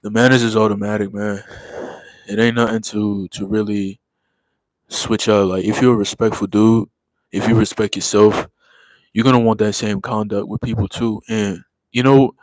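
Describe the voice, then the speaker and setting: A man's voice: fairly low pitch, little pitch movement, normal speed, a little mellow, dry recording, rough recording. A man in his thirties chatting casually with viewers in a laid-back, slangy way, repeating phrases as he goes. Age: 30s. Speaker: livestream host.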